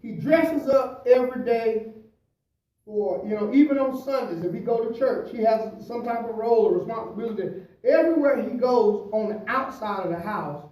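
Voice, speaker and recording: A man, a pastor, preaching at a Bible study, swinging between loud emphasis and quiet asides, often adding "praise the Lord" and "hallelujah". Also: very high voice, normal speed. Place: church. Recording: echoey church from a distant mic.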